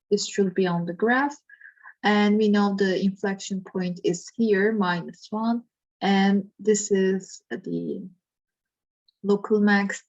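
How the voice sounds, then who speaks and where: Woman math teacher, unhurried and halting, thinking aloud, on a dull lo-fi recording. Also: medium pitch, darkish tone. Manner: hesitant, thinking aloud with fillers. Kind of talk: slow worked-example lesson.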